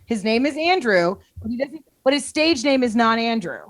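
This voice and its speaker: A woman comedian hosting a casual interview show, reading celebrity messages aloud in a playful, animated way. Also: a little high, normal speed, dry recording. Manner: playful, animated, puts on voices when reading quotes. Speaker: comedian host.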